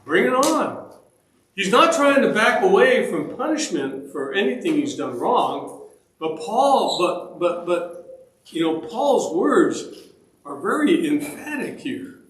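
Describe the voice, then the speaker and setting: A man's voice: sits high, big pitch swings, takes it slowly, roomy sound, rough recording. A man teaching a church Bible study in a conversational way, often checking in with the group by asking "all right?". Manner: conversational, with restarts and fillers. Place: church meeting room.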